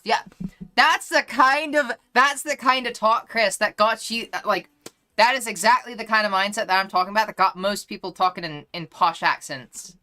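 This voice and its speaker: Bright-voiced, blunt woman streamer. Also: medium pitch, moderate pace. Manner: blunt and profane, with many fillers; self-deprecating when trying accents. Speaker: livestreamer. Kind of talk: casual live-stream chat.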